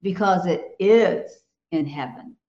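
A woman's voice: lowish voice, takes it slowly, mellow, reverberant, muffled recording. A woman co-hosting a Christian talk show, speaking with emphatic assurance and laughing easily. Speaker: co-host.

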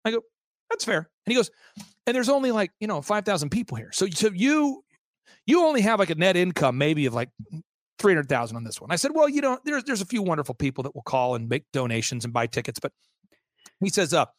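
High-voiced guy telling a story fast, does the voices of people he quotes, trips over words, dry close sound. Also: no echo. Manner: animated, acts out quoted voices, frequent restarts. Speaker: interview guest, event organizer.

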